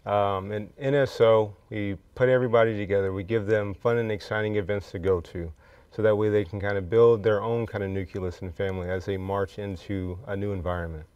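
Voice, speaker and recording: A young man being interviewed on a talk show about student affairs, answering in a halting, relaxed way with fillers, on a dull, slightly lo-fi recording. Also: fairly low pitch, clean tone, no room sound. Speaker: student affairs staff guest. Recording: dull, slightly lo-fi, dry sound.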